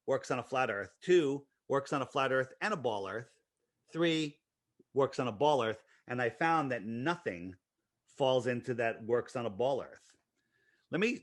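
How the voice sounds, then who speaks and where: Man, interview guest: insistent, piles up rhetorical questions; bright, forceful tone, dry close sound. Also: medium pitch, no room sound. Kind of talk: conversational explanation.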